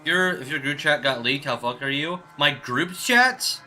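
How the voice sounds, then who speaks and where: A young man streaming a game, chatting casually with plenty of swearing and jokes. His voice is bright and sharp, with faint music playing underneath. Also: a little high, normal speed. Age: young adult. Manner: loose, joking and profane. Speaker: gaming streamer. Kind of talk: casual gameplay commentary.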